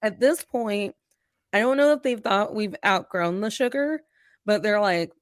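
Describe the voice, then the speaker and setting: A woman co-hosting a podcast in casual chat, telling stories in a playful, animated way. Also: mid-range voice, measured pace, dry recording, studio quality. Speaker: podcast co-host.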